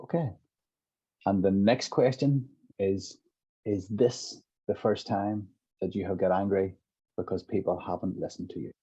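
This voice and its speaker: Middle-aged male guest, low husky voice, reflective explainer, dull lo-fi sound. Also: fairly even intonation, unhurried, dark tone. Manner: reflective, walks through examples with hypothetical dialogue. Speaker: guest, compassionate inquiry practitioner. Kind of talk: explanatory interview talk. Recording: dull lo-fi audio.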